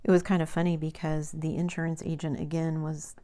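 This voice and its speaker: Host: middle-aged American woman, deep voice, chatty and rambling. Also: level tone, fairly quick, mellow. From United States. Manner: chatty storytelling with quoted dialogue. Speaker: crafting channel host. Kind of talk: rambling casual chat.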